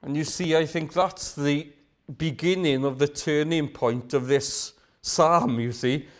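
A man's voice: on the high side, a little slow. A man preaching a sermon. He asks rhetorical questions, repeats phrases for emphasis and sometimes drops to a whisper.

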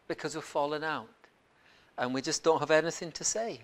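A man preaching a sermon, earnest and conversational, moving from quiet reflection to loud emphatic points and often repeating words as he goes. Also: a little high, brisk.

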